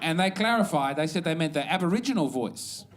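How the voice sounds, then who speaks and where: A man's voice: on the high side, expressive, fairly quick, background noise. An Australian man performing a stand-up set on a comedy club stage, with a wry, meandering, self-mocking delivery.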